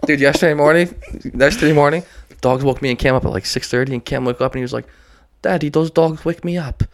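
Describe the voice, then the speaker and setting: Dude talking fast and loose at home, swearing a lot, mid pitch. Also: male voice, a little hiss or hum. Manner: loose storytelling, heavy swearing. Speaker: podcast co-host. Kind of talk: casual chat. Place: house with windows open.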